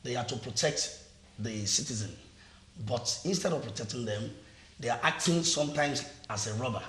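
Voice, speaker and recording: A man's voice: mid-range voice, expressive, normal speed, fairly bright tone, a little hiss or hum. A man with a Nigerian accent, a TV panel guest who speaks emphatically, repeats phrases and often restarts his sentences. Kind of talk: TV panel discussion. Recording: echoey studio.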